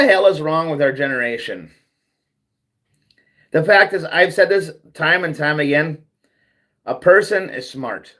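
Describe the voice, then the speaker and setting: High-voiced man on a profane rant. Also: a little slow, long pauses, a bit bright. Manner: blunt, profane, keeps repeating himself. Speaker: livestream host. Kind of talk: ranting monologue.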